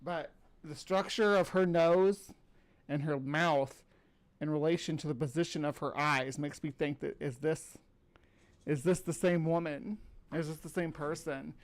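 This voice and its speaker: Halting, higher-voiced male podcast host. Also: steady tone. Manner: rambling, halting, filler-heavy. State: tired, yawning. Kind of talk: casual chat.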